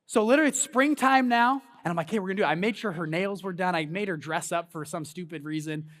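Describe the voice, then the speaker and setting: A high-pitched, slightly fast voice belongs to a man in his thirties giving a motivational speech at a conference. Standing on stage in a large hall, he shares a personal story with lively storytelling and gets the crowd pumped.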